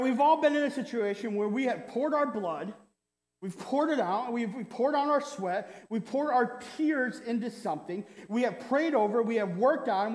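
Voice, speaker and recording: Man preaching in an echoey hall. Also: very high-pitched. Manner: animated, conversational, frequent "right?" asides and mock quotes. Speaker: pastor. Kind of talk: sermon. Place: church hall. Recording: roomy hall with long reverb.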